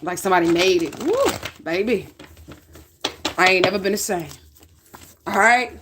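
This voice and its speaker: A woman's voice: fairly low pitch, a bit bright, slight background noise. A woman doing a casual tarot reading, talking bluntly with plenty of swearing and often checking in with "okay?". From northern United States. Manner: blunt, profane, checks in with 'okay?'. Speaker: tarot reader.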